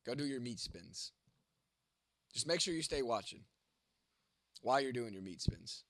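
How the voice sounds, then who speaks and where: A man's voice: mid-range voice, very animated, unhurried, fairly bright tone, no echo. A young man hosting a livestream and answering chat in casual, profane talk; he is congested and his voice is going from a cold. He is blunt and teasing, swearing constantly.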